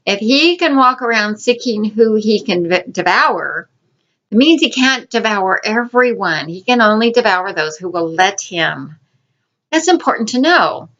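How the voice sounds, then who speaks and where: A woman's voice: medium pitch, lively intonation, a little slow, a bit bright, highs cut off. A woman teaching a Bible lesson for children in an informal way, often repeating and restarting her words.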